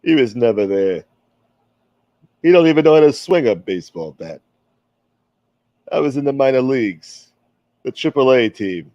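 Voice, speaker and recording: A man putting on a gruff old-school mobster who keeps calling himself a gentleman, menacing yet mock courteous. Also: medium pitch, expressive, moderate pace, long pauses, no echo, muffled recording, natural voice. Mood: boastful.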